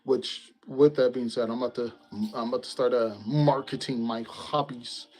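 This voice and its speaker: A man hosting a casual chat, relaxed and rambling, often breaking into laughter. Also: medium pitch, normal speed, poor audio. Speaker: host.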